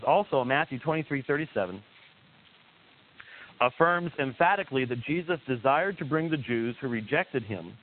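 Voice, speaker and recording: A man giving a teaching lecture, emphatic and hesitant in turns, with frequent "uh" fillers and points repeated for weight. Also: medium pitch. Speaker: theology lecturer. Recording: tinny lo-fi recording with faint hiss.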